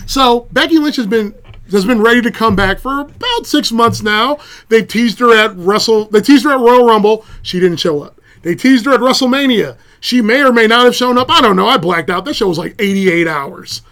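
A man's voice: very high-pitched, moderate pace. Sarcastic man ranting on a podcast. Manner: sarcastic, animated storytelling. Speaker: podcast host. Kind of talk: comedic rant.

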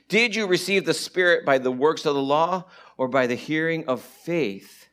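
A man preaching a sermon and teaching from the Bible, animated, swinging between loud stretches and hushed asides. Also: a little high, fairly quick. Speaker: pastor.

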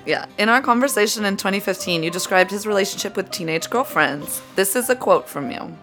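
A woman podcast host reading an interview transcript aloud in the interviewer's part, measured and steady. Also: medium pitch, soft background music. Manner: measured reading, often breaking into laughter.

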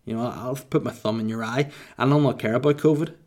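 Here a thirtysomething man from Northern Ireland chats casually while responding to listener questions, his mid-range voice moving fairly quickly. He delivers his jokes deadpan, with a mock-boastful edge.

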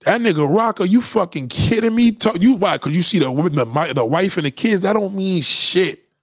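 A man delivers an animated, profane rant, preaching to his viewers as if he knows what they refuse to see. His voice sits high and swings widely up and down, hammering points through repetition. The sound is dry, with no room echo. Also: a little fast, husky. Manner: repeats himself for emphasis. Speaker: vlogger giving opinions.

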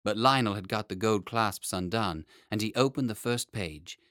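Expressive male storybook narrator. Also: fairly low pitch, normal speed, dry recording, studio quality. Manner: expressive, playful. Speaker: audiobook narrator.

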